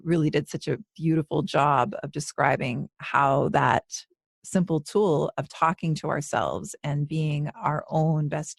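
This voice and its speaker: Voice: mid-range voice, gravelly, dry recording, clean studio sound. A podcast host giving affirming, reflective feedback to a guest and steering the conversation. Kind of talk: supportive interview conversation.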